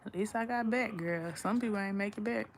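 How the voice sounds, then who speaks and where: A woman's voice: medium pitch, a little fast, slight background noise. A young woman from Texas, chatting to camera at home in a blunt, profane, rambling way. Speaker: vlogger. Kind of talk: casual chat to camera. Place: her room at home.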